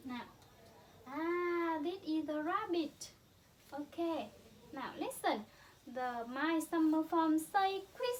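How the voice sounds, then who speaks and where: A Vietnamese-accented mother teaching her child English with hand puppets, repeating words slowly and imitating animal sounds. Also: extremely high pitch, animated, a little hiss or hum.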